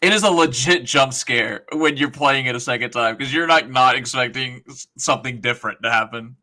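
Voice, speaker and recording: A man with a bright, forward voice, guesting on a podcast. He tells stories with eager, chatty enthusiasm. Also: mid-range voice, fairly quick. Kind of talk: casual podcast chat.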